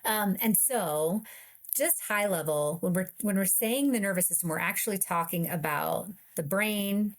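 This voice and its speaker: A woman's voice: medium pitch, measured pace. A woman therapist, a guest on a podcast, patiently explaining ideas step by step. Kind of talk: explanatory interview talk.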